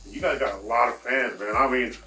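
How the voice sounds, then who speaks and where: A man hosting in a barbershop, making quick, offhand remarks in casual chat. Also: medium pitch, recorded from a distance. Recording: roomy, from off-mic, music clearly behind.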